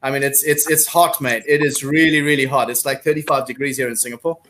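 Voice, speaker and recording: A man in Singapore hosts a live-streamed video-call panel, gushing as he welcomes guests and repeating his words and thanks. He talks quickly at a medium pitch, with fairly even intonation and a slightly bright tone.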